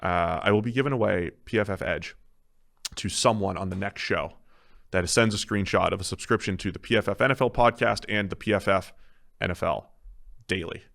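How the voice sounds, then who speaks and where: A man's voice: low voice, brisk, gravelly, fairly bright tone. A man hosting a podcast in casual banter, telling a long anecdote and laughing through it. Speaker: podcast host.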